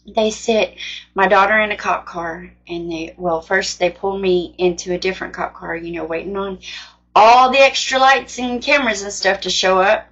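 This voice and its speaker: A woman's voice: mid-range voice, fairly even intonation, normal speed, fairly bright tone, dull audio. A woman casually sharing a personal testimony as a mother, in an earnest, plain-spoken and rambling way.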